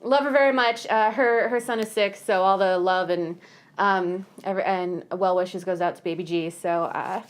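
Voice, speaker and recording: A woman's voice: medium pitch, fairly even intonation, normal speed, slight background noise. A woman from the hosting a casual book club podcast, chatty and giggly with lots of fillers. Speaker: podcast host.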